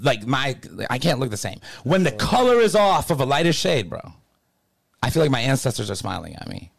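A man's voice: mid-range voice, very animated, brisk, creaky. A young man talking loosely and jokingly on a casual podcast, full of slang. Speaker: podcast co-host.

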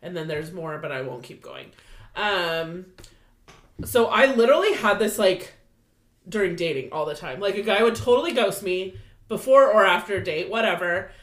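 A woman's voice: medium pitch, expressive, moderate pace. A woman co-hosting a podcast in casual chat, laughing often. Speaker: podcast co-host. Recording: echoey room.

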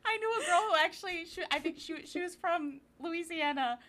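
Chatty young woman, bright voice. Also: very high-pitched, brisk. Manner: chatty, filler-heavy, swears for emphasis. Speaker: podcast co-host. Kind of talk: casual TV recap chat.

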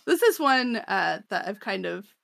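A woman's voice: mid-range voice, sing-song, unhurried, vocal fry, a bit bright, no echo, studio quality. A woman co-hosting a podcast, recapping chapters in casual chat, full of fillers and laughter. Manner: chatty, lots of fillers and laughter. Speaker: podcast co-host.

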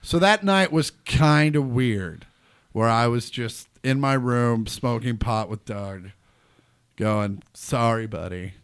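A man, a comedian guest, telling a story in casual chat and acting out quotes loudly. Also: mid-range voice, takes it slowly, clear, resonant tone. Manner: animated, acts out quotes loudly.

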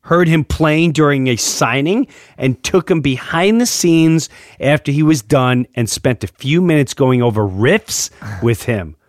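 A man's voice: on the high side, lively intonation, a little slow, no room sound, clean studio sound. A man hosting a podcast in casual, joking chat, laughing often and reading a letter aloud. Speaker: podcast host.

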